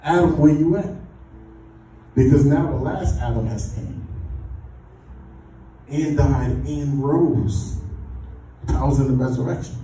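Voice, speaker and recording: A man's voice: mid-range voice, slow, pauses often, mellow. A man preaching a sermon in a church, exhorting the congregation with call-and-response. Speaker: pastor. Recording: echoey church from far off.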